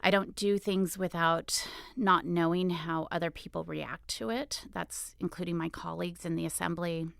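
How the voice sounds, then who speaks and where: Middle-aged woman guest, lowish gravelly voice, loud and emotional, candid interview. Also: moderate pace, hardly any pauses, no room sound, studio quality. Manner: loud, emotional, animated storytelling. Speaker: state assemblywoman, guest.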